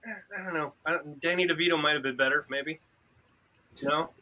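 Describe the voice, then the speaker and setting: Bright-voiced man telling stories casually. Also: a little high, normal speed. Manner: animated storyteller who quotes others. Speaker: podcast participant. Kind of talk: casual chat.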